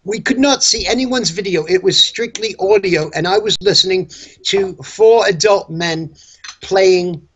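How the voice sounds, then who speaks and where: A man with a fairly high voice, chatting as co-host of a casual live show. His humor is dry and deadpan, and he mixes in crude jokes. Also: a little slow, breathy edge. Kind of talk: casual live-stream chat.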